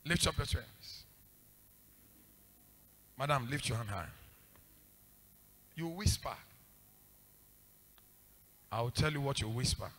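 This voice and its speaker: A man's voice: medium pitch, animated, takes it slowly, long pauses, fairly bright tone. A man leading a church prayer session as pastor, calling out commands and counting out the prayer rounds. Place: church service.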